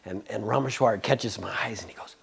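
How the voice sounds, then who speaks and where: A fairly low, creaky voice with a breathy edge belongs to a man in his sixties telling a long anecdote from his past during an interview. He talks fairly quickly, meanders, cuts himself off, and drops candid side remarks.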